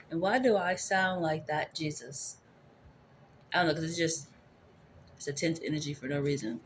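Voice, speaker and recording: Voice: mid-range voice, normal speed, long pauses, slight background noise. An adult tarot reader giving a casual, rambling spiritual reading into a phone camera, returning to the same phrases. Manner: rambling, repeats favorite phrases.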